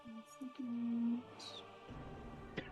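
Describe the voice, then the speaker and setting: A woman playing in a tabletop game, excitable and casual, swearing now and then. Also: on the high side, very slow, highs cut off, music in the background. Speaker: player.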